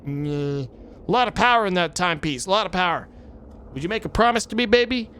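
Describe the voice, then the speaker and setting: A man voicing a laid-back groovy hippie who talks in a smooth, coaxing way. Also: high voice, lively intonation, a little fast, a bit bright. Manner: smooth, coaxing, calls everyone baby.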